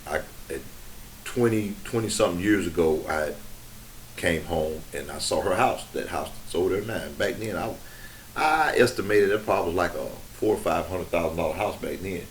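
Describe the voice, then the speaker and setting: A middle-aged man with a low-pitched voice talks casually on a podcast, drawing out an unhurried anecdote and circling back over his words as he goes. A faint hiss sits under the recording. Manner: unhurried storytelling with frequent restarts. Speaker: podcast host.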